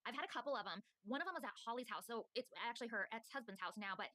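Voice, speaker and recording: A woman's voice: fairly high pitch, no echo, clean studio sound. A woman in casual chat, telling a story with lots of fillers. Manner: rapid, animated, many fillers. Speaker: podcast co-host telling stories.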